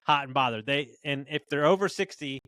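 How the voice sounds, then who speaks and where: A man guest telling lively customer stories in a casual interview, swearing and acting out dialogue. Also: a little high, fairly quick, dry recording. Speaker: guest, home services business owner.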